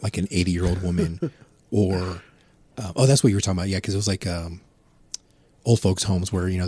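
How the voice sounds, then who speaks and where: A middle-aged man with a husky, somewhat low voice tells a rambling, profane story, laughing at his own tale. The recording is dry and close. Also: warm tone, no room sound. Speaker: podcast guest. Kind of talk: casual storytelling.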